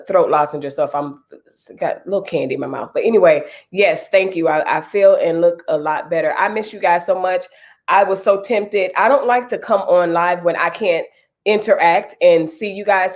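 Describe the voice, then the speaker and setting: A woman in her thirties, stuffy and nasal from a cold, chatting casually with viewers on a live stream and greeting them by name. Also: fairly low pitch.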